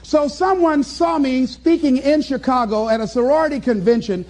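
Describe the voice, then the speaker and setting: A man giving a motivational speech to an audience, preacherly and animated, acting out little dialogues with chuckles. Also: extremely high pitch, moderate pace. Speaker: motivational speaker.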